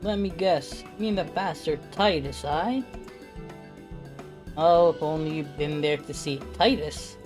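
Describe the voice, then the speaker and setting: A streamer doing a boastful gruff old mercenary. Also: mid-range voice, steady tone, measured pace, music in the background, lightly acted. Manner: swaggering, taunting, folksy slang. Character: boastful gruff retired male mercenary, miller.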